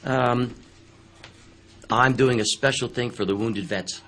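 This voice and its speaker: Animated older male storyteller. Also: medium pitch, takes it slowly. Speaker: musician guest. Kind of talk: casual radio interview storytelling.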